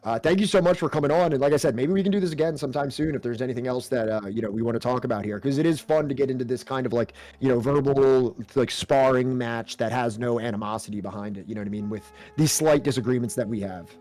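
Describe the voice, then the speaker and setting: A man's voice: medium pitch, fast, few pauses, a little mellow. A man hosting a casual streamed podcast, speaking in a friendly, complimentary and rambling way as he wraps up the talk. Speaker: podcast host.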